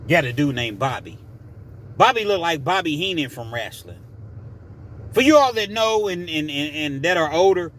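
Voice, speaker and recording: A man's voice: fairly high pitch, fairly bright tone, a little hiss or hum. A man casually telling a story from his prison days in a conversational, digressive way.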